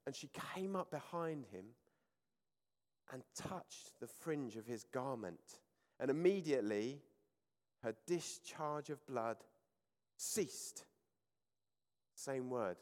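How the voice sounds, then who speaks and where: A man's voice: medium pitch, slow pace, pauses often. Preaching man in a reverberant hall. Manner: reads scripture aloud with rising emphasis, then explains it calmly. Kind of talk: sermon reading and explaining scripture. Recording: church hall with long reverb.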